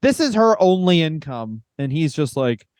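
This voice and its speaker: A man co-hosting a podcast, telling stories in a joking, animated way. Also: a little high, normal speed, clean tone, dry recording, studio quality. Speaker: podcast co-host. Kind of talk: casual chat.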